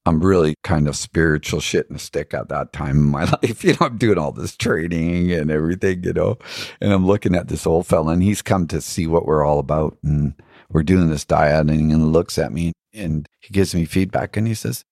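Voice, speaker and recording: A man with a very low, husky voice tells spiritual stories in an earnest, musing way. He often asks rhetorical questions and laughs from time to time. The sound is dry and close. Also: moderate pace, a little mellow, no echo. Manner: laughs now and then while telling stories. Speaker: podcast guest. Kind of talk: reflective spiritual storytelling.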